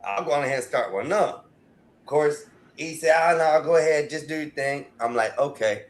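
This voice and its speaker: A man's voice: a little high, moderate pace, a little hiss or hum. Stammering man telling a rambling story. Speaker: podcast host. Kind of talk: casual storytelling chat.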